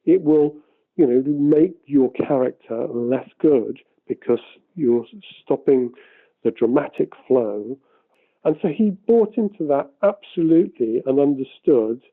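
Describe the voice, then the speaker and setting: A man in an archival interview, recounting a production decision in a rambling, self-correcting, animated way. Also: medium pitch, measured pace. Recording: tinny phone-like archive audio.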